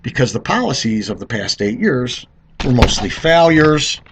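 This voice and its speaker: A man's voice: medium pitch, very animated, moderate pace, fairly bright tone, a little hiss or hum. A man of Italian heritage giving a rambling, sarcastic political commentary monologue, talking straight to the listener.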